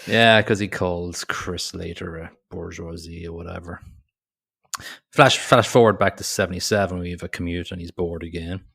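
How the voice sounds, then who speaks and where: Deep gravelly man recapping a film. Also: fairly even intonation, moderate pace, a bit bright. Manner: sarcastic, recaps scenes with mock dialogue. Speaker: podcast co-host. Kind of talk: casual movie recap chat.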